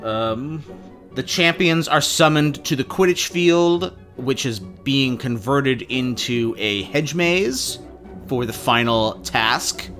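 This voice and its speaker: A male podcast host giving a sardonic, profane chapter-by-chapter recap with quick asides. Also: mid-range voice, lively intonation, a bit bright, soft background music.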